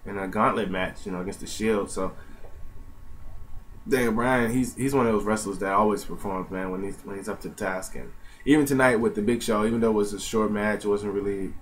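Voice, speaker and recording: A man's voice: lowish voice, steady tone, fairly quick, a little hiss or hum, low-quality recording. A man giving a casual, rambling spoken recap as the host of a wrestling review channel, with lots of fillers. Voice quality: laid-back, filler-heavy rambling delivery. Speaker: YouTube wrestling show reviewer.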